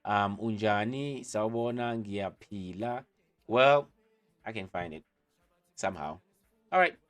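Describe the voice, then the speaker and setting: A man giving a casual online language lesson, relaxed and chatty, with many pauses and filler words. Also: medium pitch. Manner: relaxed, chatty, many ums and you-knows. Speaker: language teacher.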